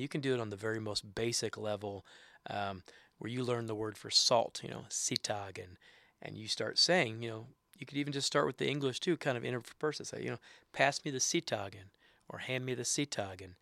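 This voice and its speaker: A middle-aged man teaching words and phrases in a casual way, repeating each one slowly for learners. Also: medium pitch, creaky, bright, forceful tone, no room sound. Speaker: language teacher. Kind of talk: casual instruction.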